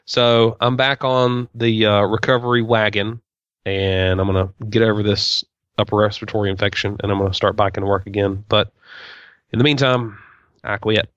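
A man's voice: lowish voice, flat delivery, moderate pace, fairly bright tone, no echo, highs cut off. A man co-hosting a podcast in casual chat, telling stories with a wry, joking manner. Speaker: podcast co-host.

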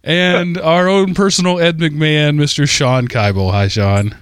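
A man's voice: a little high, a little slow, smooth, no echo. A man hosting a casual comedy podcast, giving wry announcer-style intros and chatting with his co-hosts on a close mic. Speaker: podcast host.

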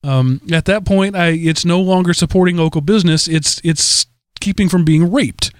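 A man hosting a casual tech podcast. His voice sits a little high and he rambles, restarting his sentences. The mic sound is close and dry. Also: normal speed, no echo. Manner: rambling, full of restarts and fillers. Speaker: podcast host.

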